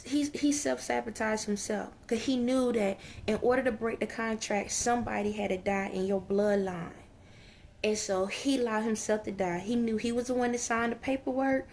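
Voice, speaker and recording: A woman relays spirit messages to her viewers, exclaiming and repeating herself, now and then sinking into a whisper. Her voice sits a little higher than most women's. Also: gravelly, a little mellow, slight background noise. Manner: emotional, exclaims and repeats phrases, slips into whispers. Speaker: spiritual medium.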